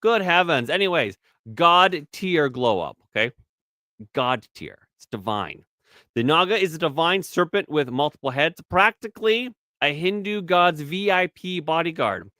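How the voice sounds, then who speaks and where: Lively, bright-voiced profane male podcaster. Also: a little high, a little slow, no echo, studio quality. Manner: rambling, profane, restarts words often. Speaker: podcast co-host. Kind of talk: casual podcast banter.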